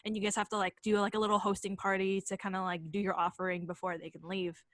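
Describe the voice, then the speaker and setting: A woman's voice: medium pitch, level tone, quick pace, a bit bright, dry recording. A young woman from San Jose telling a ghost story casually on a podcast, chatty and full of fillers. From San Jose, California. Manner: chatty, many fillers and quoted voices. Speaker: podcast co-host.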